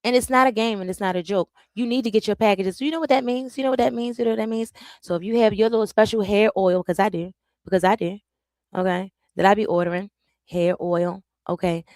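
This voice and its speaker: A woman's voice: medium pitch, steady tone, quick pace, a little mellow, no echo. A woman hosts a live reaction stream, talking loosely and repeating herself while she juggles screens. Her voice is close and dry, with no room sound. She speaks straight to her viewers.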